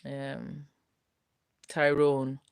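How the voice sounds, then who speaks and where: A woman's voice: rumbling low, extremely slow, gravelly, clean tone. A young woman, chatting casually on a live stream as she reads viewer comments. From United Kingdom. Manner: chatty, relaxed, talks straight to viewers. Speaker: host reading viewer comments.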